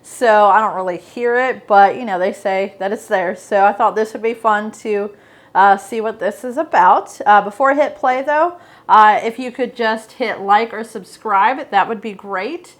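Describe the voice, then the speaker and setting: Ohio woman, reaction host, easygoing chat, mid pitch, lots of fillers. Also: moderate pace. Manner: relaxed, filler-heavy chat. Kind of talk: casual commentary.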